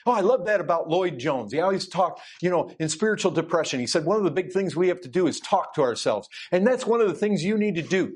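A man's voice: high-pitched, slightly rough. A middle-aged man preaching a sermon, emphatic and direct with the congregation, often repeating words for force.

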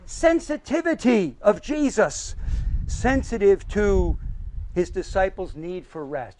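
A man's voice: sits high, animated, slow pace, darkish tone, a little hiss or hum, low-quality recording. A man preaching a sermon with emphasis, listing his points one by one and asking the audience questions.

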